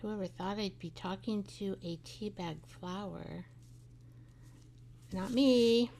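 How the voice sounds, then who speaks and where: Slow, gravelly-voiced chatty woman. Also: medium pitch, dark tone, a little hiss or hum. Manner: chatty, rambling, laughs often, talks to her craft. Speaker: craft show host. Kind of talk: live craft tutorial chat.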